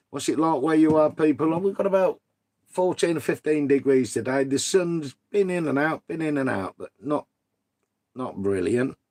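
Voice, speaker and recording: A middle-aged man with a gravelly, creaky voice chats loosely with viewers during a live stream. He talks casually and swears freely, calling everyone mate or son. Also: on the high side, expressive, a little slow, pauses often, darkish tone. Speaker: livestream host reading chat.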